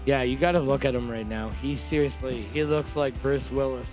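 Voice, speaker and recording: A man's voice: medium pitch, brisk, a little mellow, faint music behind. Sarcastic rambling man co-host. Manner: rambling, many "like" fillers, sarcastic. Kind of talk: comedic podcast banter.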